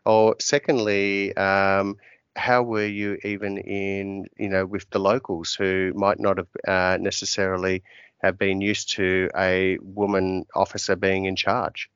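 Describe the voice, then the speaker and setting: Man, podcast host, very deep smooth voice, long rambling questions, dry muffled sound. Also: flat delivery, unhurried, a bit bright, dry recording. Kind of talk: podcast interview.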